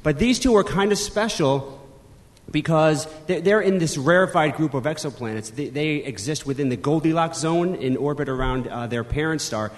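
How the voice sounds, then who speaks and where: A man's voice: a little high, normal speed. A male co-host chatting casually about science on a live stage, self-deprecating and full of restarts. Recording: reverberant live hall.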